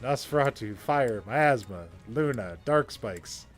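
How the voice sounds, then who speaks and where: A man in relaxed let's-play chat, playing a strategy game with friends. His middle-pitched voice swings up and down as he laughs, curses and talks through his moves, with clear game music behind him. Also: slow. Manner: laughs often, swears freely, mutters game moves aloud.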